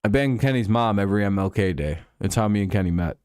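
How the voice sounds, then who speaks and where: A man's voice: lowish voice, fast talker, a little mellow, smooth, no room sound, clean studio sound. Young man, streamer, profane, ranting, mocking, casual chat. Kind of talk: live game watch-along chat.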